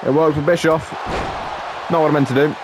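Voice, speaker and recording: A man's voice: a little high, fairly even intonation, a little fast, background noise. A man giving casual, joking let's-play commentary, laughing often and calling people mate. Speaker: gameplay commentator.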